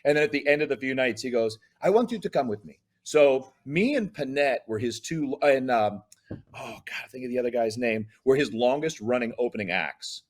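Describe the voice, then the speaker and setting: A man's voice: medium pitch, moderate pace. A middle-aged man, a comedian, telling stories in a casual interview and acting out the dialogue. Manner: animated, acts out dialogue in voices. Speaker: comedian guest.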